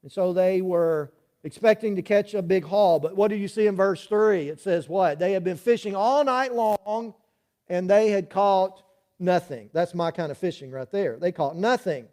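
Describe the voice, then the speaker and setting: A man's voice: high-pitched, normal speed, a little mellow. A male pastor preaching a sermon in a conversational way, often checking in with the congregation with "right?" asides. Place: church.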